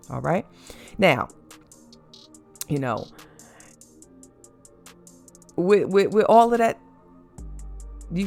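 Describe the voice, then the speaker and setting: A host giving casual opinion commentary on celebrity couples, animated and sassy, mocking fans by quoting them. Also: medium pitch, vocal fry.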